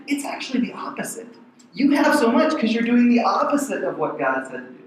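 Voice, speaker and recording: A man's voice: high-pitched, very animated, a little fast, distant mic, slight background noise. A middle-aged man preaching a conversational sermon as pastor, acting out the voices in the verses. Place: large church hall. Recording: very echoey hall.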